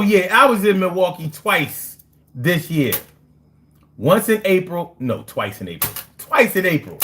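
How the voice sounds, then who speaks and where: A man's voice: high voice, sharp tone, slight background noise. A man hosting a casual live stream, reading chat and joking in a loose, slangy way with frequent laughs.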